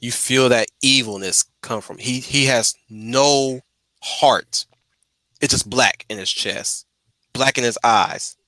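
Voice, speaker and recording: Male host, bright forceful tone, dry close sound, casual stream talk full of restarts and repeated words. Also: medium pitch, slow, dry recording.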